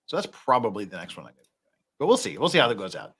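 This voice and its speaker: Guy hosting a legal podcast, reading court docs with jokey asides, lively up and down pitch, bright voice. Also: fast, husky. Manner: wry, reads documents aloud with jokey asides. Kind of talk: casual legal commentary.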